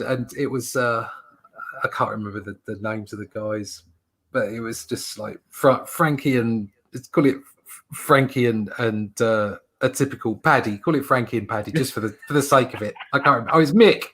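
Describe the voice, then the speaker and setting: British male host, casual rambling talker, bright forceful tone. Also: medium pitch, normal speed. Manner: rambling, lots of fillers and restarts. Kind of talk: casual chat.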